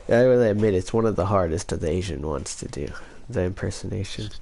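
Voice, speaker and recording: A man's voice: low voice, animated, fairly quick, gravelly, warm tone, a little hiss or hum. A man casually telling a rambling story and often breaking off mid-sentence. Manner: rambling, self-interrupting storyteller. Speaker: vlogger.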